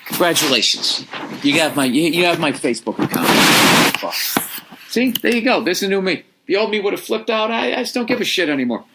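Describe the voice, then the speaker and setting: American guy ranting on his podcast, swears a lot, kinda high voice. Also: brisk, noisy background. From United States. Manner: profane, sarcastic, animated ranting. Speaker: podcast host. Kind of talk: casual rambling monologue.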